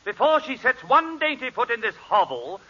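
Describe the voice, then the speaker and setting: Haughty English man, bright and high. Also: very animated, normal speed. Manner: haughty, clipped, aloof. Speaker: guest. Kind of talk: 1940s radio comedy. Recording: dull 1940s radio broadcast with faint hiss.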